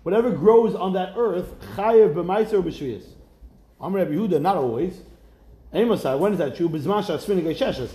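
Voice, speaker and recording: Animated high-voiced rabbi teaching Talmud. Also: male voice, moderate pace, roomy sound. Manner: lively, questioning, mixes Hebrew-Aramaic terms into English. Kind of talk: Talmud class lecture.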